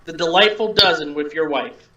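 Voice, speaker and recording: A woman's voice: sits low, moderate pace, bright, forceful tone, highs cut off. Teasing woman in an echoey room. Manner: teasing, dry jokes. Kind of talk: casual chat.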